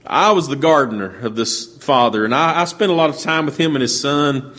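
A man voicing a poor, sincere gardener who speaks gently and hesitantly. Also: a little high, fairly quick, natural voice.

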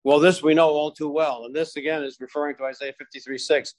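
A man preaching a sermon to his congregation, slowing down and stressing key phrases as he quotes scripture. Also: on the high side, flat delivery, no room sound.

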